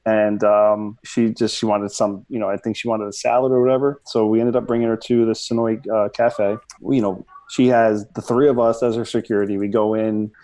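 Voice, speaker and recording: Male podcast host, low-key mellow tone, loose rambling storyteller. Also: level tone, brisk, few pauses. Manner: rambling storyteller, many fillers and restarts. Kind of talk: casual podcast chat.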